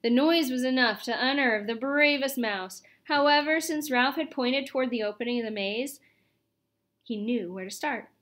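A woman reading a children's chapter book aloud in an expressive, lively storytelling manner. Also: high voice, moderate pace. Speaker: audiobook reader.

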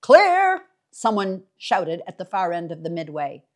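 A woman reading a novel aloud for a library reading series, with expressive, dramatic storytelling. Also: on the low side, moderate pace. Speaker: library reader.

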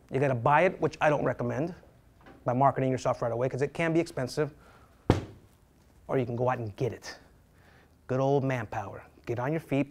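A middle-aged man teaching a real estate class in a lively lecture style. He is animated and dramatic, acting out panicked agents and joking with the students. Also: mid-range voice.

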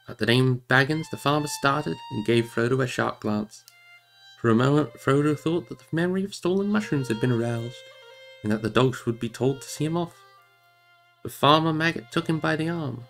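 A man reading a novel aloud on a livestream in an expressive, animated way. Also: medium pitch, normal speed, soft background music. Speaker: reader.

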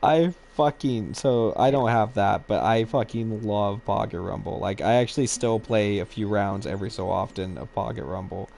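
A man co-hosting a casual gaming chat, swearing freely, excitable and laughing often. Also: lowish voice, normal speed, creaky, few pauses, slight background noise. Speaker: co-host.

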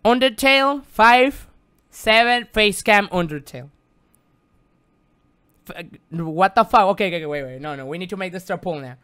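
A man whose first language is Spanish, streaming a game live with excitable, theatrical commentary that jumps from muttering to yelping. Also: a little high, brisk, pauses often. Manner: excitable and theatrical, swinging between mutters and yelps. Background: game music.

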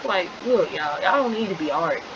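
A woman giving chatty, playful gameplay commentary in casual slang, on a slightly dull recording with steady noise behind. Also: fairly low pitch, fairly quick. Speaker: gaming video creator.

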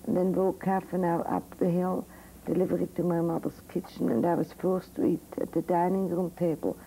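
An older woman psychiatrist from Switzerland, with a lowish, dark voice, lectures medical students frankly and vividly through a personal story. Audio is poor, an old 1982 recording carrying faint hiss.

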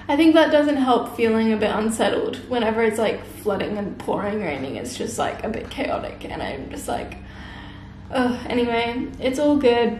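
A young woman talking to camera in a soft, heartfelt, casual way, full of "like" fillers. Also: a little high. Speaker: vlogger. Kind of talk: casual reflective chat to camera. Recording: roomy with faint background hiss.

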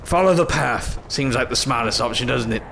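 Gravelly-voiced man grumbling through a game. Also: mid-range voice, fairly quick, fairly bright tone, a little hiss or hum. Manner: exasperated, scolding an in-game companion. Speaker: gaming YouTuber. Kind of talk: comedic let's-play commentary.

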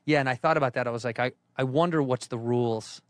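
Man, mid pitch, fast and offhand; close, dry; casual chatter. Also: dry recording. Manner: quick, offhand, rambling. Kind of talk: casual chat.

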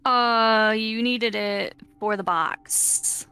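A woman's voice: on the high side, fairly even intonation, drawn-out words, sharp tone, clean tone, faint music behind. A young woman co-hosting a let's-play, bantering and teasing her dad in casual chat. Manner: playful, teasing. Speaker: co-host of a gaming channel.

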